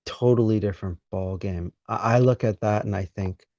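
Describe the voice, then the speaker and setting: A man hosting a podcast interview speaks in a measured, deliberate way, pausing partway through his thoughts. His low, gravelly voice has a dark, mellow timbre. The audio is dry and dull with no room sound, like a lo-fi call recording.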